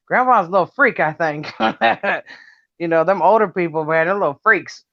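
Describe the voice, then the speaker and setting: A middle-aged woman with a loud, brash voice, chatting casually on a livestream, laughing and cussing freely. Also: lowish voice, moderate pace, no room sound, muffled recording. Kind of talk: casual chat.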